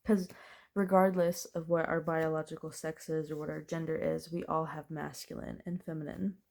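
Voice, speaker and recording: A woman's voice: low-pitched, level tone, moderate pace, gravelly, darkish tone. Chatty woman reading tarot cards. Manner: chatty, thinks aloud, laughs and curses lightly. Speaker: tarot reader. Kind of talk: casual pick-a-pile tarot reading.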